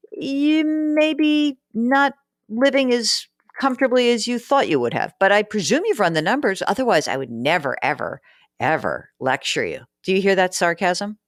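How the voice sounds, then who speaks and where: A woman reads listener letters on her personal finance podcast, offering casual advice in a frank, chatty, teasing manner. Her voice is a little high and animated, moving at a moderate pace, captured in a dry, studio-quality recording.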